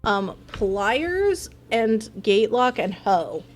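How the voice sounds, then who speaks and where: A woman's voice: a little high, big pitch swings, drawn-out words, soft background music. A woman streaming a game live, chatting in a rambling, casual way. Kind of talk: live game playthrough chat.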